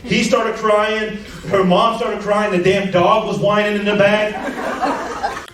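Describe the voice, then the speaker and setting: A man doing stand-up in a theater, heard from far off in a very echoey hall with clear crowd noise. His voice sits high and he talks in a loud, animated way, shouting his punchlines. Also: takes it slowly. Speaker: stand-up comedian. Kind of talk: stand-up comedy set. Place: theater stage.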